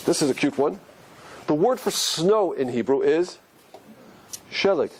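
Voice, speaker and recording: A Torah teacher lectures on Hebrew letters, peppering his listeners with one question after another. His voice sits on the high side and he speaks unhurriedly, his manner animated, rhetorical and questioning. There's slight background noise.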